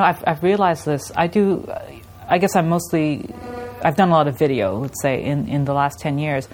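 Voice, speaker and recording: A middle-aged woman, an artist, chatting casually in an interview and telling stories with laughs and imitations. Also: low voice. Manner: animated storytelling with laughs and imitations. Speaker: artist guest.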